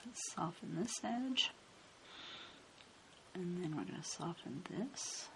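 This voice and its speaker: A woman calmly narrating a step-by-step coloring tutorial, explaining each stroke as she works. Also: on the low side, slow pace, gravelly. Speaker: card-making instructor. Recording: faint hiss in background.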